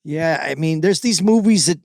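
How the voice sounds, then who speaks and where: A man co-hosting a podcast in casual chat, asking questions in a measured way. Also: a little high, expressive, gravelly, darkish tone, dry recording, studio quality. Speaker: podcast co-host.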